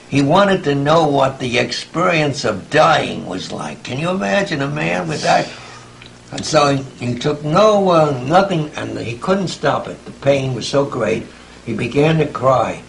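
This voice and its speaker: A man's voice: mid-range voice, vocal fry, slight background noise, low-quality recording. A man in his eighties, answering interview questions with reflective stories and chuckling asides. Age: 80s. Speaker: interviewee, writer. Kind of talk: conversational interview, storytelling.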